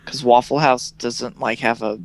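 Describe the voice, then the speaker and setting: A man's voice: medium pitch, flat delivery, unhurried. A young man co-hosting a casual podcast chat, joking and slipping into mocking character voices. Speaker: podcast co-host.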